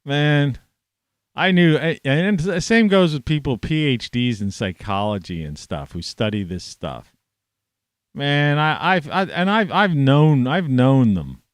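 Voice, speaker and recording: A man ranting to camera in a rambling, profane monologue, scornful and swearing constantly, with sudden loud outbursts. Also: a little high, animated, measured pace, no room sound. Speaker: vlogger.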